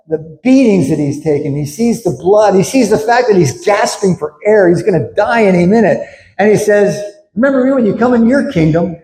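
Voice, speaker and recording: A man's voice: on the high side, mellow, roomy sound, rough recording. A male pastor giving a sermon, earnestly preaching and acting out the people he quotes.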